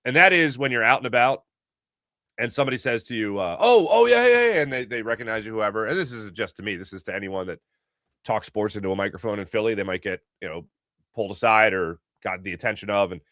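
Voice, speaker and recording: A middle-aged man from Philadelphia hosting a casual sports talk show, telling animated stories and acting out voices. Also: lowish voice, quick pace, dry recording, studio quality. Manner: animated storytelling, acts out voices.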